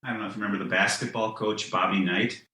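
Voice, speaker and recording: A man's voice: lowish voice, steady tone, fast talker, sharp tone, echoey room, low-quality recording. A man talking in a casual podcast conversation, rambling with many restarts and "you know"s, and laughing at his own ideas. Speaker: guest, comic writer.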